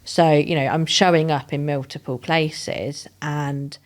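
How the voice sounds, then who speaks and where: A woman's voice: sits low, a little slow. A woman who runs a business and hosts networking events, talking as a guest in a casual interview, laughing often and stressing her points. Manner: laughs often, emphatic and lively when agreeing.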